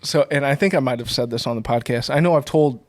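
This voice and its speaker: A man's voice: mid-range voice, fast, no room sound. Dry-voiced man telling a rambling story. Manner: rambling anecdote teller with frequent fillers. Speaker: podcast co-host. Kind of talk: casual storytelling.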